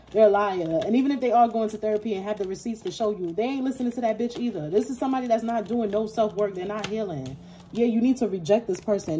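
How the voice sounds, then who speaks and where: A woman gives a casual tarot reading in a mellow, warm voice. She is blunt and fired up, swearing freely in loose slang and laughing often. A faint hiss sits under her voice. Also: medium pitch. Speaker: tarot reader.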